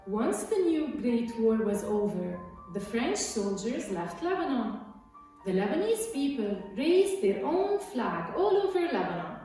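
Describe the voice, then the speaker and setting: A teacher reading a children's story aloud slowly and carefully. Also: female voice, fairly high pitch, very animated, dark tone. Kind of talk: storybook narration. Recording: echoey room, far from mic, faint music.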